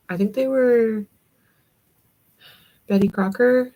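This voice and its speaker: Gravelly Southern woman chatting with viewers. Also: lowish voice, normal speed, a little mellow, rough recording. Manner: chatty, rambling, answers chat comments. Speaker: livestream host. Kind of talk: casual chat with viewers.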